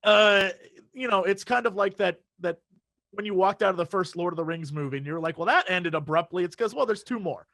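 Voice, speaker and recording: A man's voice: high-pitched, a little fast, creaky, sharp tone, dry recording, clean studio sound. A man co-hosting a podcast, chiming in casually with jokes. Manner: casual, joking interjections. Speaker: podcast co-host.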